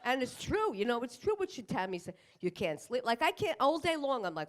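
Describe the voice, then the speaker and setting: A woman's voice: fairly high pitch, big pitch swings, fairly quick, few pauses. A woman in her fifties doing a crude, profane stand-up comedy set on a club stage, acting out asides. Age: 50s. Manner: crude, brash, profane punchlines with acted-out asides.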